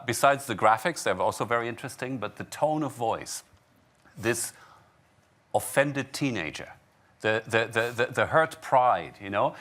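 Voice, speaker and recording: Halting male panel moderator. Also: lowish voice, fairly bright tone. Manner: halting, searching for words. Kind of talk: panel discussion talk.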